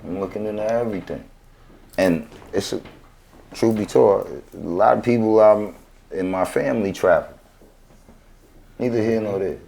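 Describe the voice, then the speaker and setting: A man's voice: lowish voice, normal speed, creaky, long pauses, warm tone. A man tells his story as a guest in a casual interview. He talks in laid-back street slang and keeps checking in with "right?". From New York.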